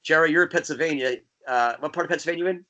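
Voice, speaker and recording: A man from New Jersey, a guest DJ, chatting casually and telling rambling, animated stories. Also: on the high side, racing. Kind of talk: casual podcast chat.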